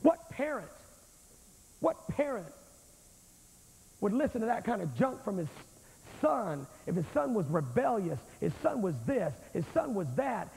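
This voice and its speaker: A man preaches a fiery, emphatic revival sermon, pressing his listeners and calling each one friend. His voice runs very high for a man and rolls through a big church hall with a long echo. The sound carries the dull wear of an old tape. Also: gravelly, a little mellow, slight background noise. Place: large church sanctuary.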